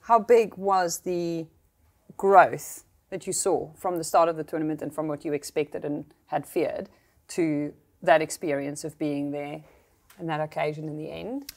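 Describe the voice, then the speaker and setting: A woman's voice: low voice, steady tone, unhurried, darkish tone. A woman hosting a casual sports chat, asking long, curious, rambling questions. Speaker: host.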